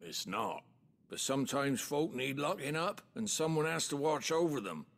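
An actor playing a gruff male jail guard in a video game, blunt. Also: mid-range voice, expressive, moderate pace, a bit bright.

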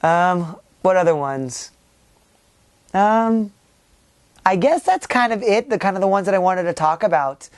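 A man hosting his own channel, giving a casual year-end vlog to his viewers. He rambles and hesitates with lots of filler sounds and restarts, and sounds warm and grateful. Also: high-pitched, lively intonation, a little slow, pauses often. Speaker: YouTube channel host.

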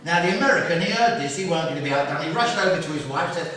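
A man's voice: a little high, expressive, racing, fairly bright tone, a little hiss or hum. A man performing a chatty stand-up comedy routine on a music hall stage, telling his story with repeated phrases. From London. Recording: echoey hall from far off with audience.

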